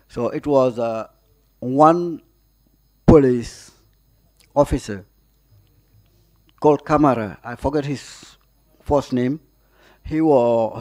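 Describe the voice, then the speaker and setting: Gambian male witness, low-key and deliberate, measured answers in a hearing room. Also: darkish tone. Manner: halting, with many restarts and pauses. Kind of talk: formal testimony under questioning.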